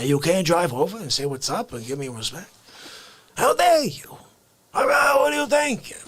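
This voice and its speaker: A man voicing a loud, indignant middle-aged New York mobster who demands respect, in a put-on New York accent. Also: high voice, gravelly, voice pushed up, heavily acted. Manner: outraged, escalating shouts. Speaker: comedian.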